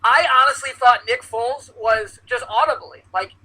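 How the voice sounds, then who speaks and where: A man co-hosting a casual sports podcast, excitable and swearing as he relives big plays. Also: very high-pitched, normal speed, rough recording. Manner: excitable, swears, reenacts moments loudly. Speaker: podcast co-host.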